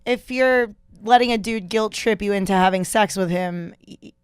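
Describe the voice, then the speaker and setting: A woman's voice: mid-range voice, moderate pace, smooth, no room sound, studio quality. A woman in casual comedic chat on a podcast, blunt and profane, laughing often. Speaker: podcast guest. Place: podcast studio.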